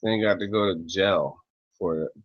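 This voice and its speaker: A man in a rambling, profane, angry rant to camera who clears his throat often, recorded dull and lo-fi. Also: deep voice, normal speed, no echo. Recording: dull lo-fi, dry close sound.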